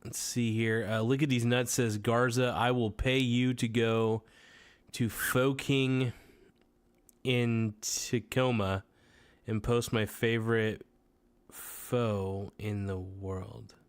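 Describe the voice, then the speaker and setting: Slow-talking man reading chat jokes. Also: mid-range voice, flat delivery, clear, resonant tone. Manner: crude, irreverent joking. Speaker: podcast host reading chat comments. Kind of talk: casual livestream chat.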